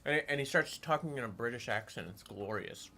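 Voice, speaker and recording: A man's voice: medium pitch, brisk, bright, forceful tone. A man hosting a gaming stream, chatting casually with a wry, joking storytelling manner. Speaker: streamer host.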